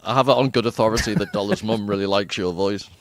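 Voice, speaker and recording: A man's voice: on the low side, steady tone, fast. A man co-hosting a casual discussion podcast, wry and self-mocking, steering the talk back to the book over a remote call. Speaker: podcast co-host. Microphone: remote video call.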